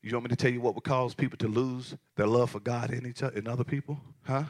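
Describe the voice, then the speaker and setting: A male pastor preaching a passionate sermon, swinging from shouted lines to hushed asides. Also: mid-range voice, fairly even intonation, quick pace.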